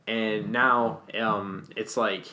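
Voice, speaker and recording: A man's voice: fairly low pitch, steady tone, drawn-out words, pushed and bright, a little hiss or hum. A young man casually telling a long story on a podcast, rambling and swearing, with lots of fillers and restarts. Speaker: podcast guest.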